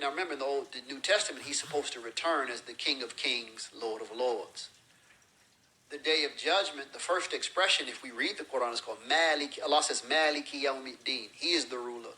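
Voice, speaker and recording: A man's voice: mid-range voice, sharp tone, poor audio. A man lecturing as a religious teacher, explaining terms with everyday examples and acted-out phrases.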